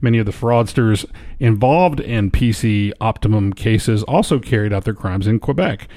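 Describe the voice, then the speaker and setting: A man's voice: fairly low pitch, moderate pace, dark tone, no echo. A man co-hosting a casual talk show, reading news stories aloud with a nasal voice and a teasing, jokey manner. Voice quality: nasal today. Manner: jokey, teasing, mock Canadian "eh".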